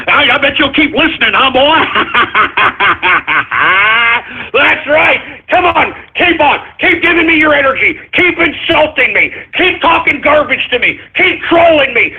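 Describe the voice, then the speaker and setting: Gloating radio host with a high, bright voice. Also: male voice. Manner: taunting, mocking trolls with bursts of cackling laughter and shouts. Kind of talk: gloating call-in radio monologue. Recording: dull lo-fi internet radio sound.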